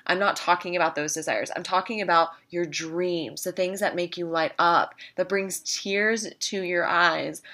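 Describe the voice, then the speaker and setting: A woman's voice: fairly low pitch, steady tone, a little slow, few pauses, bright, forceful tone. A woman talking casually to viewers about faith, earnest and emphatic, repeating phrases for stress. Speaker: Christian vlogger.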